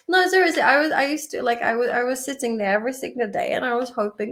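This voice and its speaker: A woman's voice: sits high, moderate pace, fairly bright tone. Chatty woman teaching English vocabulary. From Czech Republic. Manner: chatty, swearing, laughing, emotional. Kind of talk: casual vlog-style study session.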